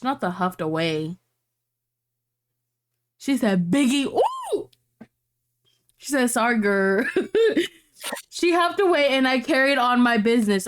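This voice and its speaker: A woman co-hosting a podcast, reading out online posts and reacting with brash, profane commentary. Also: fairly high pitch. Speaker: podcast co-host.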